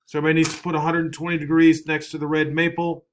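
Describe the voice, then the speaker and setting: A man teaching a math class, brisk and coaxing, often checking in with the students. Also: on the high side, monotone. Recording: echoey classroom, faint noise.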